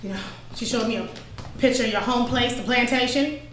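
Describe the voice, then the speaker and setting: Actress as a high, chatty, folksy neighbor woman, echoey stage. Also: a little fast, a bit bright, recorded from a distance, slight background noise, close to an everyday voice. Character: friendly, nosy middle-aged woman neighbor. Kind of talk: stage play performance.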